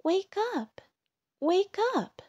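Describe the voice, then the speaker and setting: A woman voicing an excited tiny female ladybug in a storybook, calling out eagerly and high. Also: extremely slow, dry recording, lo-fi sound, exaggerated voice.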